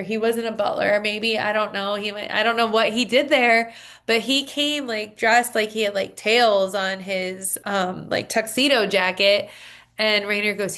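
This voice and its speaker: A woman's voice: medium pitch, steady tone, unhurried, a bit bright. Chatty woman podcast co-host. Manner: chatty storytelling with many fillers. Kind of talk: casual chat.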